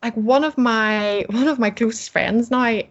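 A woman's voice: fairly high pitch, measured pace, dull audio. A woman with a Northern Irish accent, a podcast guest talking casually and cheerfully, laughing often. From Northern Ireland. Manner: chatty, laughs often, warm and upbeat.

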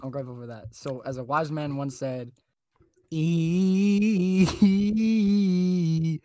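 A man's voice: mid-range voice, fairly even intonation, brisk, a bit bright, dry recording. A man co-hosting a comedy podcast, talking in theatrical, melodramatic bursts. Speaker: podcast co-host.

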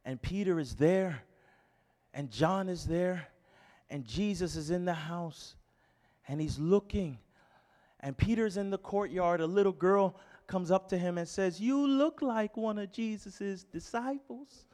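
A pastor delivers a sermon in a high-pitched, unhurried voice, swinging between fervent shouting and quiet storytelling. He repeatedly asks rhetorical questions.

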